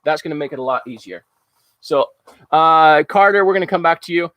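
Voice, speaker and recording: A man's voice: on the high side, brisk, fairly bright tone, no echo. A man hosting a casual live-stream auction, talking in an upbeat, rambling way with lots of fillers. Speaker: livestream auction host. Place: outdoors at home after rain.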